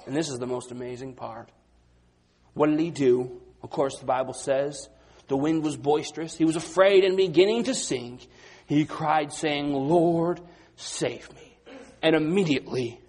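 A man preaching a sermon, moving between quiet, low passages and loud, excited retellings of the disciples. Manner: dynamic, swings from quiet to loud and high when acting out the disciples.

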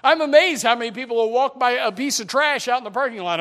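A man preaching a sermon in a church, emphatic, swinging between loud and quiet. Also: extremely high pitch, fast talker, hardly any pauses. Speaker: pastor. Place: church sanctuary.

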